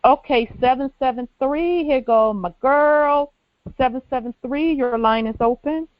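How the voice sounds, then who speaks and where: A woman's voice: sits high, unhurried, no room sound. A woman hosting a call-in show, casually taking callers and calling them sis. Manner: casual, warm-toned, calls people sis. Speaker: host. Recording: dry, dull lo-fi sound.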